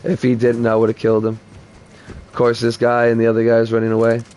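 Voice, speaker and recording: A man's voice: medium pitch, completely flat delivery, quick pace, darkish tone, a little hiss or hum. A man telling a heated personal story in blunt, profane talk while playing a game on stream. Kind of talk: casual gaming stream storytelling.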